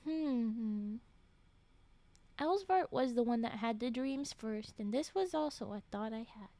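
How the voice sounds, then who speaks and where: A woman reads a story aloud on stream, voicing it expressively and breaking off into whispered reactions. Her voice sits high, and the close mic gives it a dry sound with no room around it. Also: creaky, dark tone, no room sound. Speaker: streamer reading stories aloud. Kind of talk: dramatic reading with whispered asides.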